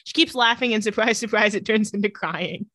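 A woman co-hosts a casual podcast, recapping an episode amid lots of laughter and playful asides. Her mid-range voice is brisk and lively, she giggles easily and acts out the lines she quotes, and there's no echo.

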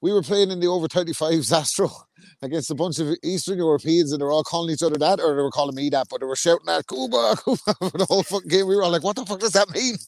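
A man's voice: fairly high pitch, racing, darkish tone, no echo. A man co-hosting a boxing podcast, joking and laughing through casual banter. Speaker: podcast co-host.

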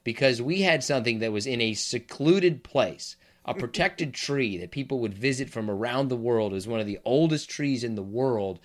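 A man co-hosting a podcast in casual chat, telling stories with dry, deadpan jokes. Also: medium pitch. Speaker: podcast co-host.

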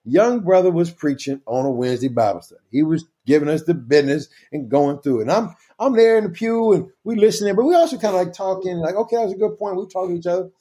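A man co-hosting a casual chat, telling funny stories with lots of laughter and big leaps in pitch when quoting others. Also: expressive, quick pace, few pauses, mellow, husky. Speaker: podcast co-host.

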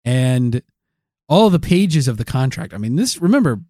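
Male comedy podcast co-host, middle pitch, dry close mic, rambling crude improv storyteller. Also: sing-song, moderate pace, mellow, no echo. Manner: rambling, crude, escalating absurd tale.

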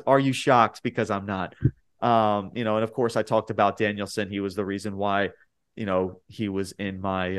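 A man co-hosting a casual wrestling podcast, talking in an animated, rambling way that rises sharply when he gets worked up. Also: lowish voice, smooth. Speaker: podcast co-host.

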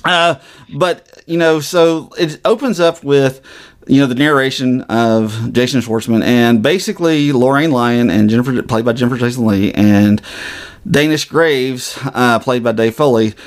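A man's voice: medium pitch, normal speed. A man, co-hosting a podcast and casually recapping a TV episode in a rambling way, with many fillers and restarts. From Southern US. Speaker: podcast co-host.

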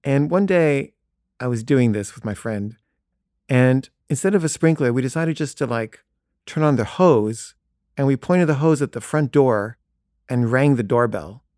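A man's voice: medium pitch, expressive, unhurried, darkish tone, no echo. Man spinning a self-deprecating true story, loose and chatty, dry close sound. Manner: casual, self-deprecating, frequent "like" fillers. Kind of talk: comic personal storytelling.

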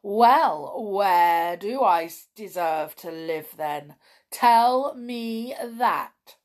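A woman's voice: mid-range voice, animated, very slow. A woman playing a nasty greedy gnome. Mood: sneering. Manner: snappish, sneering. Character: nasty greedy male gnome, angry and sly.

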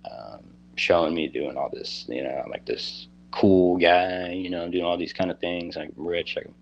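Guest spot: very low-voiced man, meandering halting storyteller, dull lo-fi sound. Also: fairly even intonation, creaky. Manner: rambling, halting, heavy on "you know" and "like". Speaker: guest telling a personal story. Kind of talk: casual storytelling.

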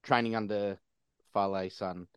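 A man's voice: fairly low pitch, steady tone, measured pace, clear, resonant tone, dry recording. A man, interviewing a guest in a friendly, conversational way. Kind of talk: casual interview.

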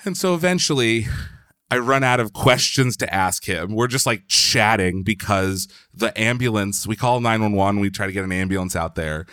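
A man's voice: on the low side, normal speed, fairly bright tone, clear, resonant tone, dry recording, clean studio sound. A man from Philadelphia, a podcast guest, telling a long story in a loose, chatty way, full of "like" and the odd swear word. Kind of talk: casual storytelling.

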